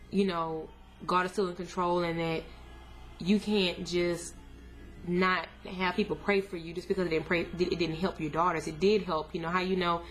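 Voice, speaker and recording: A young woman candidly telling her viewers a painful personal story, earnest and plain-spoken, her voice climbing high when she recalls her anger. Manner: casual, addresses viewers as y'all. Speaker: vlogger sharing a family update. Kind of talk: emotional personal storytelling to camera.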